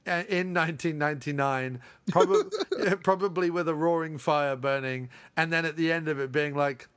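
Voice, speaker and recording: A podcast host chatting in a sarcastic, amused way and laughing often. His voice sits a little high for a man. The recording is dry and close. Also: moderate pace, fairly bright tone, clear, resonant tone, no echo. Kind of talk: casual chat.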